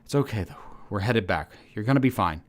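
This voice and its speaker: Desperate male pilot, read by a man, low and hushed, pleading. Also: expressive, fairly quick, natural voice. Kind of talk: storybook reading.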